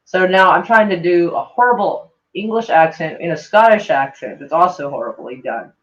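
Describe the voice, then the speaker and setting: A woman's voice: fairly low pitch, lively intonation, normal speed. Rambling, swearing woman on a lo-fi stream. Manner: rambling, swearing, self-mocking. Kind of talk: casual livestream chat. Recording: dull lo-fi sound.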